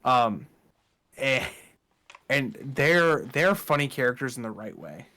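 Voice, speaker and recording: Man, podcast co-host, casual chat, relaxed, rambling, mid pitch. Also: slow. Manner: relaxed, chatty, with fillers and laughs.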